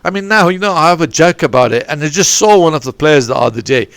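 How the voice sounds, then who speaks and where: Gravelly rambling coach, man. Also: on the high side, animated, fast talker, fairly bright tone, no room sound. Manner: meandering, restarts and digresses often. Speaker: football and rugby coach. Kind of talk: rambling anecdotal podcast chat. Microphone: podcast microphone.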